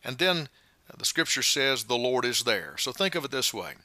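A male pastor giving a short devotional sermon, slow and emphatic, with frequent "uh" fillers. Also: medium pitch, sing-song, sharp tone, no room sound.

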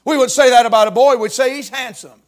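High-voiced fervent male preacher. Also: steady tone, quick pace. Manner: fervent Southern-style preaching, rising to shouts. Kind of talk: sermon.

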